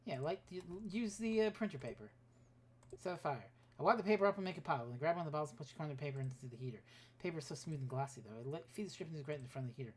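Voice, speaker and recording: A woman's voice: sits low, lively intonation, rapid-fire, a little hiss or hum. A woman streamer reading a text adventure game aloud, with offhand asides and swearing.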